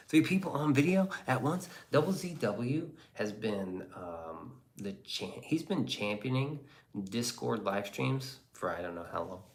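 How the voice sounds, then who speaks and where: A man's voice: medium pitch, big pitch swings, unhurried. A man casually reading viewer comments on a live stream, sarcastic and crude, slipping into whispers and mock voices.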